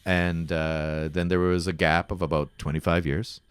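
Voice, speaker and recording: A Canadian man, a comedian guest, telling lively anecdotes in casual podcast chat and acting out other people's lines. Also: deep voice, normal speed, clean tone, no echo.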